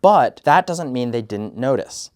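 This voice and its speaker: A man's voice: mid-range voice, expressive, measured pace. Man giving structured speaking advice. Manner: structured and explanatory, demonstrates vocal tones. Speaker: YouTube creator giving career and communication advice. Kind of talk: casual direct-to-camera advice talk.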